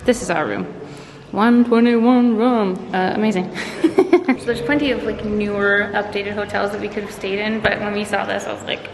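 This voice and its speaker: Bubbly woman vlogger with gravelly fry. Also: mid-range voice, steady tone, normal speed. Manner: bubbly and gushing, laughs often. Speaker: travel vlogger. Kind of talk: casual vlog chat. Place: hotel room and city streets. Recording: background noise and ambience.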